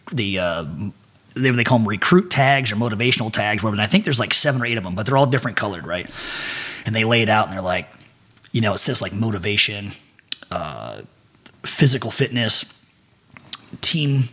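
A middle-aged man, a podcast guest, telling animated stories with a lot of swearing. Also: on the low side. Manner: profane and animated. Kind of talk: casual storytelling.

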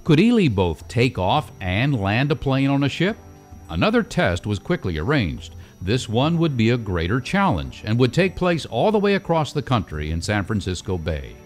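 A male documentary narrator reads a polished script, his pitch rising and falling with lively movement at a middling register. The delivery is measured and story-driven, with soft music underneath.

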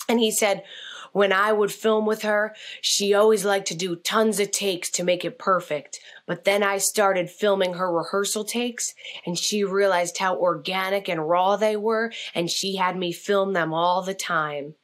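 A woman telling stories in an interview, animated and acting out the voices in her quotes. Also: unhurried. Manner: animated, acts out quotes with big pitch jumps. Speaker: guest, actress and communication coach. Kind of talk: storytelling in an interview.

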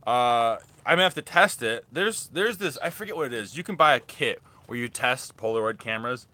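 A young man chats loosely through his thrift finds, often stopping and restarting mid-sentence. His voice has a bright, forward edge at a middle pitch. It sounds like an easygoing live-stream talk. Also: expressive, brisk, no echo. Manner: rambling, chatty, restarts often. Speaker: thrift reseller vlogger. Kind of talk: casual live-stream haul chat.

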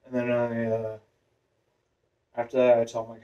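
A vlogger with a masculine voice telling a long personal story in a rambling way, full of fillers and restarts. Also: male voice, medium pitch, monotone, normal speed, mellow. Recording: voice a bit far from the mic.

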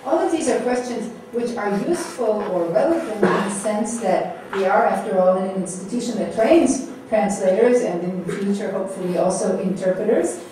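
A middle-aged woman giving a keynote academic lecture, measured and posing rhetorical questions to the audience. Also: medium pitch, dark tone, a little hiss or hum. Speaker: keynote speaker. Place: lecture hall. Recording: echoey hall, distant mic.

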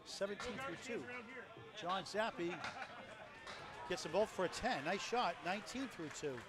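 High-voiced man calling candlepin bowling. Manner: rapid score calls, lively promo plugs. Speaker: play-by-play commentator. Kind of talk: live bowling commentary. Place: bowling alley. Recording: loud crowd in a bowling hall.

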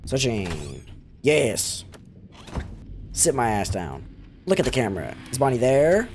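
A man reacting out loud as he plays a horror game, jumpy and foul-mouthed, talking back to the game. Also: mid-range voice, wildly swooping pitch, unhurried, slight background noise. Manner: jumpy, swears a lot, talks back to the game. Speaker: gaming video creator. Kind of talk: live reactions while playing a horror game.

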